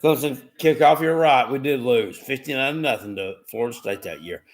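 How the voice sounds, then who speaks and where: A man hosting a live stream, asking trivia questions in a casual, excitable way, swearing now and then and often repeating himself. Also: medium pitch, moderate pace, faint music behind. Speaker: livestream host.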